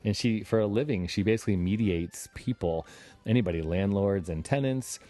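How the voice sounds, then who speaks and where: A male podcast host with a fairly low voice chats in a loose, upbeat way. He jokes a lot and breaks off into quick asides. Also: warm tone. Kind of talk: casual chat.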